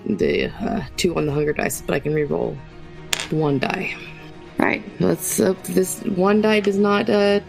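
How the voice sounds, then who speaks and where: A woman playing in a tabletop role-playing game, rolling dice and speaking in character in a hesitant, halting way. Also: fairly low pitch, gravelly. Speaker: player.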